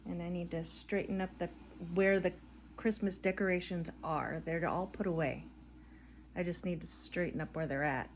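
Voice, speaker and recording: A woman's voice: fairly low pitch, fairly even intonation, normal speed, a little hiss or hum. Tired, rambling middle-aged woman. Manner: rambling, chatty, with soft laughs. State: tired and yawning. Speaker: crochet vlogger. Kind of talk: casual chat while crocheting. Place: living room at home. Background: faint background audio playing.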